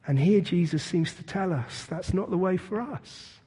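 A man preaching a sermon as pastor, retelling scripture as a vivid, animated story. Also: sits high, moderate pace, breathy edge, in a large hall. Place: church.

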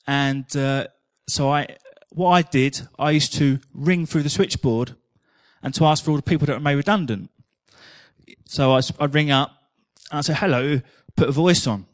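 A man's voice: on the high side, moderate pace, dry recording, studio quality. A man preaching a sermon in a chatty, humorous storytelling manner.

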